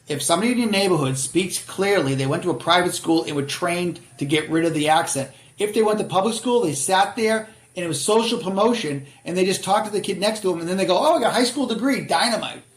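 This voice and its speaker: A man's voice: high-pitched, roomy sound. A middle-aged man with a Boston accent, a guest author telling stories bluntly and animatedly in a casual interview. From Boston area, USA.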